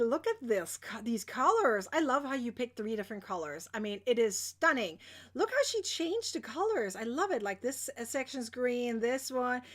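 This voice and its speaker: Young woman doing a giveaway stream, high bright voice, bubbly and squealy. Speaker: crochet pattern designer hosting a giveaway. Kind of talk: casual livestream chat.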